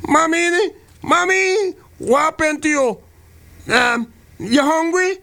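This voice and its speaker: A man's voice: very high-pitched, animated, takes it slowly, gravelly, bright, forceful tone, voice pushed up, heavily acted. A man voicing a crying, whining little boy. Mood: whiny, pleading. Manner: whining, pleading, repeating mommy.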